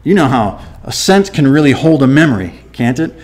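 A man teaching the Bible to his church verse by verse, in an animated, conversational way, asking the listeners rhetorical questions and acting out little scenes. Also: medium pitch, a little fast.

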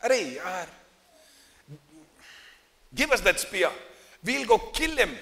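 A man's voice: sits high, very animated, slow pace, creaky, bright, forceful tone, heavily acted. A man voicing David's impatient soldiers, raising his voice to urge and plead. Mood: urgent, pleading. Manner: pleading, raised and urgent. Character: David's impatient soldiers urging him to kill. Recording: reverberant church hall.

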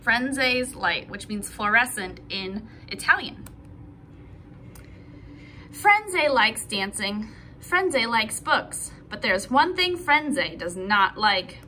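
A woman's voice: fairly high pitch, a little hiss or hum. A woman teacher reading a picture book aloud to preschoolers, with little asides to the children. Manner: animated, slow storytelling with asides to children.

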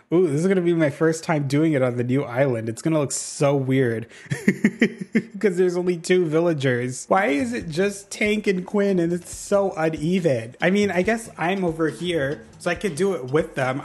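A man giving casual gameplay commentary as a YouTuber, chatty and excitable, laughing often. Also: a little high. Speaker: gaming YouTuber.

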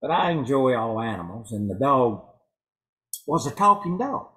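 Brief: male preacher, church service, folksy storyteller, mid-pitched voice that rises and falls a lot. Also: very animated, normal speed, pushed and bright, low-quality recording. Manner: folksy joke-telling preacher. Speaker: pastor. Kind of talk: evening sermon. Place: church sanctuary.

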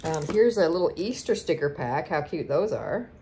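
Low-voiced woman gushing over craft supplies. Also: sing-song, moderate pace. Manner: gushing, chatty, lots of ums. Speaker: craft vlogger. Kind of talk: casual unboxing chat. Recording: noisy home recording.

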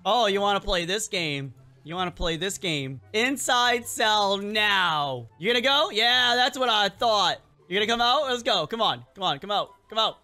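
Bright, lively gameplay commentator. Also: medium pitch, fairly quick, few pauses, soft background music. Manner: excitable, repeats short commands. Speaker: gaming channel host. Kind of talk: role-play gameplay commentary.

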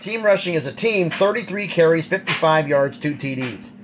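A man's voice: a little high, lively intonation, moderate pace, slight background noise. A man giving a casual, blunt college football recap, rattling off stats and opinions.

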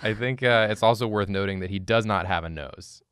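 A man's voice: lowish voice, brisk, a bit bright, clean tone, no room sound, clean studio sound. A young man chatting casually while drawing, explaining ideas in a rambling way. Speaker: show artist.

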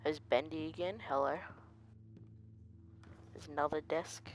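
A game player giving quiet let's-play commentary, talking softly and easily startled. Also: medium pitch, fairly even intonation, unhurried, slight background noise.

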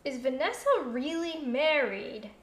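A young woman in her twenties chatting and telling stories on a home kitchen livestream, lively and quick to laugh. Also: high voice. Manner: lively, laughing storyteller who reads out viewer comments. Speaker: co-host of a livestream. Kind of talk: casual chat, storytelling. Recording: roomy kitchen echo.

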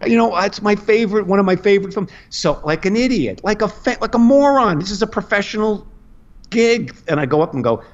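A man's voice: sits high, a little fast. Rambling middle-aged male comic storyteller. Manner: rambling and animated, full of restarts and movie impressions. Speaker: comedian guest. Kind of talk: casual podcast storytelling. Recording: dull lo-fi podcast audio.

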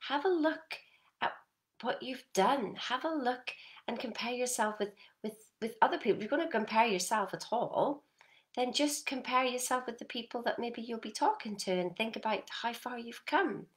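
A woman's voice: a little high, moderate pace. Emphatic woman life coach. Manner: animated, emphatic, addresses viewer directly with frequent "yeah?". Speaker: personal development coach. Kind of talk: motivational talk to camera.

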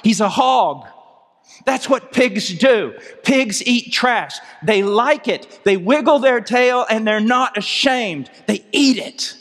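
A middle-aged man from the United States preaching a sermon, impassioned, moving from loud pleading to low intensity. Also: expressive, takes it slowly. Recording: long reverb of a large hall.

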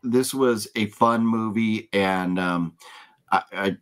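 Podcast co-host, man, lowish voice, halting, stammers, jokes at his own expense. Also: smooth. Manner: halting, stammering, self-mocking. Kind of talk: casual chat.

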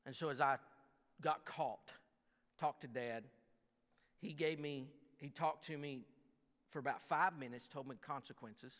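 A man's voice: medium pitch, unhurried, pauses often, a bit bright. A man preaching a sermon as pastor, talking in a conversational way with frequent restarts and stammers, and reading scripture aloud with mounting force. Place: church sanctuary. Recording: long church hall reverb.

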